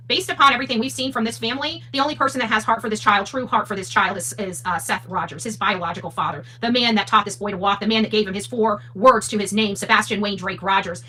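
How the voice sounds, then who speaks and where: A woman's voice: mid-range voice, poor audio. Fired-up sarcastic woman host. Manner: heated, sarcastic, rising to near-shouting. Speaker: livestream host. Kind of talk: casual commentary livestream.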